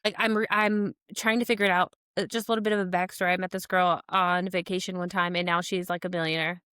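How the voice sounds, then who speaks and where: A woman's voice: lowish voice, little pitch movement, fast talker, a bit bright, smooth, no echo, clean studio sound. Rambling woman podcast co-host. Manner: rambling, many "like"s and restarts, laughs between thoughts, nosy teasing. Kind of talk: casual chat.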